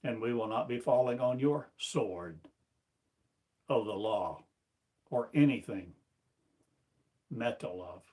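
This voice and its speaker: A man preaching a sermon as a spiritual teacher, slow and declamatory, firing off one rhetorical question after another. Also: lowish voice, warm tone. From United States.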